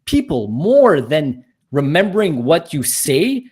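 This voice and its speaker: A man's voice: fairly high pitch, big pitch swings, takes it slowly, darkish tone, husky. A man speaking as a podcast guest, earnest and motivational, building his points with emphasis. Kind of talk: podcast interview.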